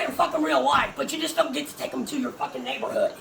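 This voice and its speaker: A woman's voice: high-pitched, fast talker, creaky, fairly bright tone. A woman giving heated religious commentary, ranting emphatically and swearing a lot. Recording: echoey room, distant mic, noisy.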